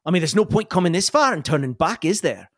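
A man's voice: fairly high pitch, sing-song, quick pace, no room sound, studio quality. A man voicing a daring, thrill-seeking young woman in a tabletop role-playing game, in a breezy, casual way. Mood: eager.

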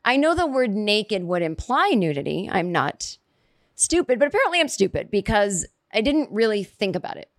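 A woman tells a funny story in a rambling way, interrupting herself and scattering "like" and "you know" throughout. She's animated, and her pitch jumps for emphasis whenever a punchline lands. She speaks at a moderate pace, and the recording is close and dry with no echo or room sound.

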